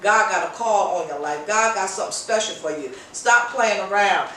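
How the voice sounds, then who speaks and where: A woman's voice: medium pitch, moderate pace, a bit bright, a little hiss or hum. A woman hosting her own show, giving an informal preaching talk with passionate, repetitive exhortation. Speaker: host. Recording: very echoey, voice distant from mic.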